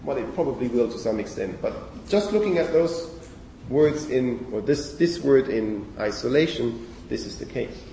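A man's voice: mid-range voice, animated, normal speed, creaky, few pauses, dark tone, a little hiss or hum. A man giving a university lecture, thinking aloud with frequent okays and fillers and correcting himself as he goes. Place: lecture hall. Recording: echoey lecture hall recorded from far off.

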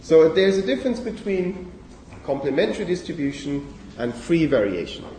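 A man's voice: a little high, sing-song, normal speed, dark tone, slight background noise. A man giving a university lecture, thinking aloud with frequent okays and fillers and correcting himself as he goes. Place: lecture hall. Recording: echoey lecture hall recorded from far off.

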